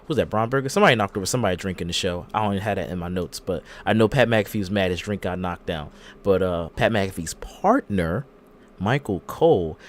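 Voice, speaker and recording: A man hosting a podcast in casual chat, retelling events in an animated way and acting out the quotes. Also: fairly low pitch, slight background noise. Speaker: podcast host.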